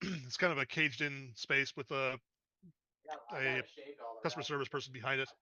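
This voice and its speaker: Bright-toned man running a tabletop game. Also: medium pitch, fairly even intonation, moderate pace, lo-fi sound. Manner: descriptive, with hesitant fillers. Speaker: game master.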